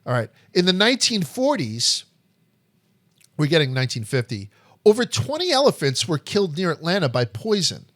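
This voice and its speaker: A man's voice: on the high side, big pitch swings, moderate pace, fairly bright tone, no echo, clean studio sound. A man hosting a history podcast, telling stories in a blunt, profane, joking way. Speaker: podcast host. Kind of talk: casual history chat.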